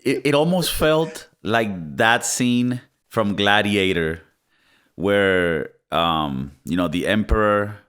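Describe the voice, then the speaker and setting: A man's voice: on the low side, takes it slowly, smooth. A man co-hosting a podcast, chatting casually about a movie and often acting out quotes. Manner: animated, laughing, quotes movie lines in put-on voices. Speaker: podcast co-host. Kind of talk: casual movie review chat.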